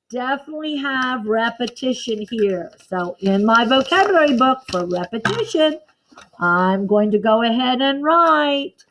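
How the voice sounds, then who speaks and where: A woman's voice: on the high side, lively intonation, a bit bright, poor audio. A woman teacher giving a patient classroom lesson to children, counting out beats and checking in with the class. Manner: slow, patient and encouraging, counting beats aloud.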